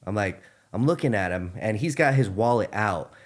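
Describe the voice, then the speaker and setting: Young male podcast host, low voice, lively swearing storyteller. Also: normal speed. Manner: animated, profane storyteller. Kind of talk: casual storytelling chat.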